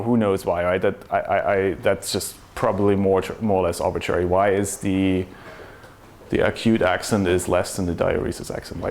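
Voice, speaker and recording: Man, low voice, technical conference speaker, explanatory, faint background noise. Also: a little mellow. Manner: explanatory, asks rhetorical questions.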